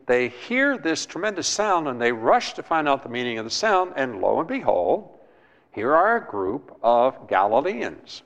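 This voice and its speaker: A man's voice: medium pitch, creaky. A man preaching a sermon in an emphatic way, repeating words and asking his listeners questions. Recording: long hall reverb.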